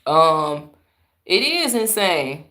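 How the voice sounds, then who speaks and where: A woman from Chicago hosts a live stream in a lowish voice. She talks to her viewers casually and bluntly, sounding fed up and dropping curse words as she goes. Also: big pitch swings, extremely slow, pushed and bright. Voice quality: blunt, exasperated, swears freely.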